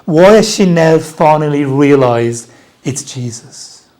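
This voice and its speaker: An Australian preacher delivers an Easter sermon in a church, taking each phrase slowly and deliberately. The talk is conversational, with key lines repeated for emphasis and easy back-and-forth with the congregation. The pitch sits in a middle range. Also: lively intonation, darkish tone.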